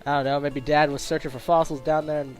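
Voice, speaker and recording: A young man casually commenting on a game he is playing, rambling and joking with quick asides. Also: fairly high pitch, level tone, soft background music. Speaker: let's play host.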